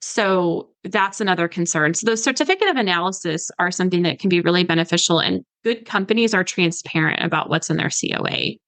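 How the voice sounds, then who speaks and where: Speaking low but expressively, this woman moves briskly with few pauses and a slightly bright quality, captured dry in a rough recording. She's a dietitian in her thirties chatting on a podcast about supplements, easygoing and explanatory, peppered with "like" and mimicry of her patients.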